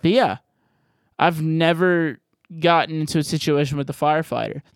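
A man's voice: fairly high pitch, moderate pace, no room sound, clean studio sound. A man hosting a podcast, answering voicemails in a rambling, profane, jokey way. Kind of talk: casual podcast chat.

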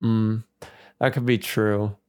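A man's voice: on the low side, flat delivery, takes it slowly, darkish tone, clean tone. A man hosting a casual movie discussion, reading through his notes with frequent chuckles. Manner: reads from notes, chuckles often.

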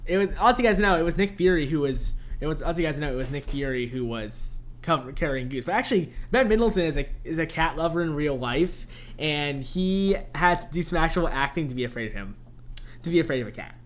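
A young man co-hosting a podcast, chatting casually about a movie, animated and laughing often. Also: fairly high pitch, quick pace. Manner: animated, laughs often, quotes lines in funny voices. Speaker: podcast co-host. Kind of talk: casual movie review chat.

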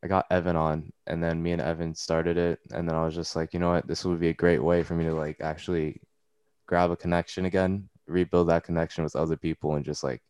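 A man's voice: low-pitched, little pitch movement, fast, a little mellow, smooth, dry recording. A young man hosting a podcast, talking loosely with lots of slang and swearing. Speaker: podcast host. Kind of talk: casual chat. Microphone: computer mic.

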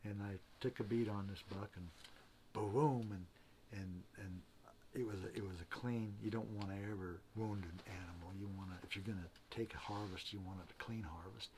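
A man's voice: lowish voice, steady tone, moderate pace, a little mellow, a little hiss or hum. A man telling a long personal story in casual conversation, in a plainspoken, earnest way that often stops to repeat and restart his words. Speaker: interview guest.

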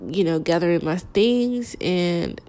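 Young woman, candid storytime talk with creaky fry. Halting delivery, lots of fillers. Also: lowish voice, dark tone. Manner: halting, hesitant, full of "like" fillers.

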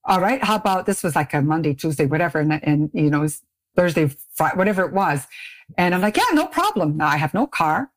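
A woman's voice: fairly quick, dry recording. A middle-aged woman from Canada, a beauty brand founder, telling a story as a podcast guest and jumping into quoted voices. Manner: lively, acts out quoted voices with big pitch jumps. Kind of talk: animated storytelling in a podcast interview.

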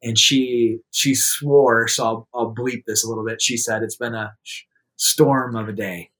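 A man telling a personal story in a relaxed, conversational way, acting out quotes and turning soft in serious moments. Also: a little slow. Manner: lively anecdotal telling, acts out quotes in a raised voice; laughs easily, drops to a soft low voice in serious moments. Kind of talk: casual storytelling.

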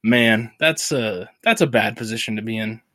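A man's voice: fairly low pitch, moderate pace, no room sound. Podcast guy with a stuffed-up nose, laughs a lot while he talks, dry close sound. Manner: laughing, animated storyteller. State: stuffy with a sinus infection. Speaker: podcast co-host. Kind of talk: casual chat.

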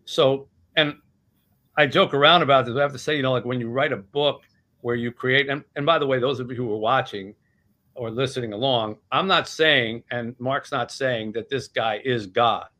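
Speaking in a medium-pitched voice with a bright, forceful tone at moderate pace, a man in his sixties discusses his book casually in an interview. He's a chatty author who acts out scenes with voices as he tells animated stories in conversation.

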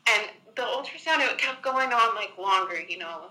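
A woman's voice: fairly high pitch, lively intonation, normal speed, pushed and bright, rough recording. A young woman telling a personal story in a chatty way, full of filler words, acting out what people said. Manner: chatty, many "like" fillers, acts out quotes. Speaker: guest.

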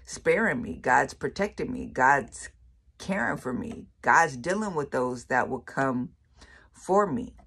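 Low husky woman preaching testimony. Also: animated, slow, a bit bright. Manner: emphatic, repeats phrases for effect, casual colloquial speech. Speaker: faith speaker sharing testimony.

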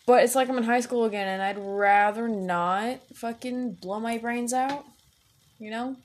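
A woman's voice: on the high side, unhurried. A young woman hosting her own podcast, rambling casually with lots of fillers, restarts and swearing. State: headache, distracted while playing a game. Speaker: podcast host. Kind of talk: casual chat.

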